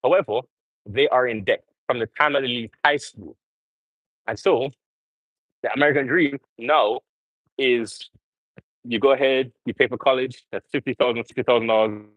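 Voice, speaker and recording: A man's voice: medium pitch, moderate pace, long pauses, dry recording, narrow, tinny audio. A young man rambling earnestly to viewers as he livestreams during a gym workout. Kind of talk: casual live-stream chat.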